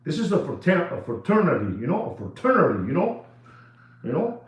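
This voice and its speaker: A man dealing in watches, ranting excitedly to camera in casual talk, repeating himself and dropping into Spanish phrases. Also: a little high, a little fast. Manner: animated, repetitive, switches into Spanish phrases. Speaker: watch dealer. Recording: echoey room, dull lo-fi sound.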